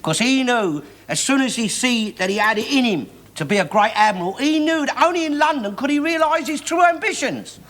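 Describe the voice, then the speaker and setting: An actor playing a bigoted, blustering middle-aged working-class London man who argues and swears without pause, in a studio sitcom. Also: very high-pitched, animated, fairly bright tone. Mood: lecturing. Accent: Cockney. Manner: blustering, argumentative, swears constantly. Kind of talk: 1960s-70s studio sitcom acting.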